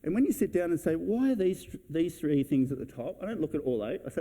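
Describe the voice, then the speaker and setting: Brisk, blunt man. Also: on the high side, big pitch swings, mellow. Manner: brisk, blunt, acts out client conversations. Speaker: real estate agent giving a talk. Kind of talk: conference talk. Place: event hall.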